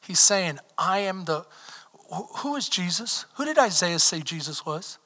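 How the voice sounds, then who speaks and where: A man preaching a sermon as pastor, swinging from shouted lines down to near whispers. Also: high voice, animated, measured pace. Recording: reverberant hall.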